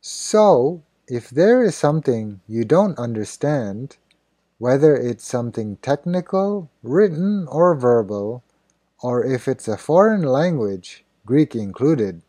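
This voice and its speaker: Slow, deliberate man with a dark voice. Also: medium pitch, sing-song, no room sound. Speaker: idiom teacher. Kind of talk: scripted narration.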